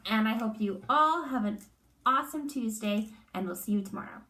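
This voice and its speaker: A woman teacher reading a picture book aloud to young children in an expressive storytime manner. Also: a little high, moderate pace. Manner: expressive, speaks warmly to children.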